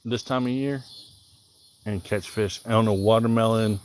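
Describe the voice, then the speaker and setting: A man with a mild Southern accent talks in a low, easygoing voice and rambles casually while he fishes. He thinks aloud and answers viewers on a live stream outdoors. Crickets chirp faintly in the background. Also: fairly even intonation, normal speed, slight background noise. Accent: Southern American. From Southern Illinois. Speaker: livestreaming angler. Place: outdoors by the water.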